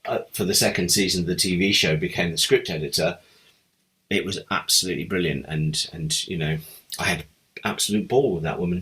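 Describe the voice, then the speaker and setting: A man's voice: low voice, a bit bright, slightly rough. A middle-aged man, a television script editor, telling fond, rambling anecdotes in an interview. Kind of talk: reminiscing interview answers.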